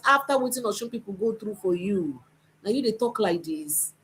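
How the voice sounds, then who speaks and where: A woman's voice: medium pitch, lively intonation, normal speed, husky, poor audio. A woman with a Nigerian accent hosting a livestream news review, reading headlines aloud and commenting on them, often switching into Pidgin.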